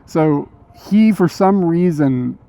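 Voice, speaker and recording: A man's voice: on the high side, animated, takes it slowly, vocal fry, dark tone. A man streaming live outdoors on a city street, telling a story in a laid-back, chatty way and laughing often. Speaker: IRL streamer. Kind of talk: casual storytelling on a walk.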